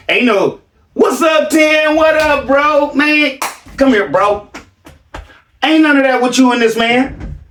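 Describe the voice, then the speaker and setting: Guy doing a mocking reaction rant, pitch bouncing all over, mic kinda far in a roomy space. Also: fairly bright tone. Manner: mocking, theatrical, repeats a catchphrase. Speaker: reaction commentator. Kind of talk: animated reaction commentary.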